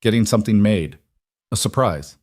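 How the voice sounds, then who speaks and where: A careful, sincere cowboy husband, played by the man reading the story, talking quietly and plainly. His voice sits low and the recording is dry and close. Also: animated, normal speed, no echo.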